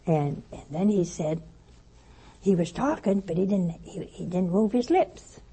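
Woman, spiritual teaching, animated storyteller, mellow tone, raspy and creaky. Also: fairly low pitch, unhurried, rough recording. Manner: lively storytelling, acting out quoted voices. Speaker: religious teacher.

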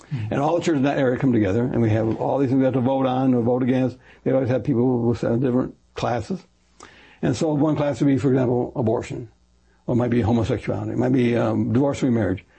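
A man's voice: mid-range voice, fast, vocal fry, breathy edge. An older man, a retired pastor, telling his story in an interview, rambling and correcting himself and acting out the voices of people he quotes. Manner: animated, acts out quoted voices.

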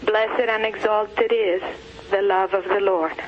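A caller phoning in, speaking hesitantly at first, then reciting a devotional poem in a measured way. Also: medium pitch, fairly even intonation, a little hiss or hum. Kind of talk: phone call reading a poem. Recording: dull phone line.

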